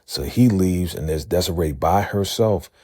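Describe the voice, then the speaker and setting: Deep husky man recapping a show. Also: measured pace, darkish tone, no echo, clean studio sound. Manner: chatty, addresses viewers as fam. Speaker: TV episode recap host. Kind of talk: casual vlog recap narration.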